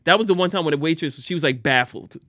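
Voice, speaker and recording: A man's voice: on the high side, quick pace, bright, forceful tone, no room sound, clean studio sound. A man telling stories in a casual podcast chat, slangy and laughing often.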